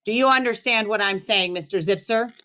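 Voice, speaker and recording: A stern male school principal with a big booming voice, as a woman reading a storybook puts him on. He talks down to a child and repeats himself. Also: brisk, sharp tone, clear, resonant tone.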